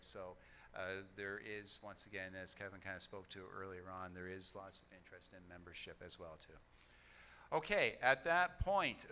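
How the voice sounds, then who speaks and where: A man chairing a church business meeting, speaking haltingly with many fillers and restarts. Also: fairly low pitch, bright, forceful tone, a little hiss or hum.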